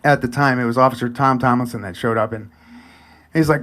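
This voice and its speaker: A man in his forties telling a personal story live, chatty and animated, sometimes dropping to a near whisper. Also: medium pitch, fast. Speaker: storyteller and event host.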